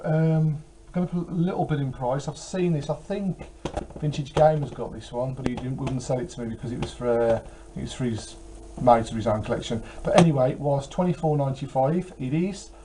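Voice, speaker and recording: A man's voice: medium pitch, steady tone, normal speed, background noise. A tired man chatting casually about his game collection, rambling with many fillers. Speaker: retro game collector vlogger. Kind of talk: casual chat.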